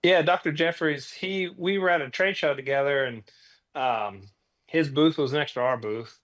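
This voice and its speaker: Man guest on a podcast, lively storyteller who plays out conversations, voice sitting a little high. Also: moderate pace. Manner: animated storyteller, acts out dialogue. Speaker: podcast guest, wellness product creator. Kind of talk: casual interview chat.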